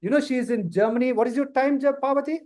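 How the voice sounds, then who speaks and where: A man's voice: extremely high pitch, fast talker, a little mellow. A man with a Telugu Indian accent leads a live online career class in a playful, teasing way, slipping Telugu words into his English. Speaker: instructor leading a career workshop.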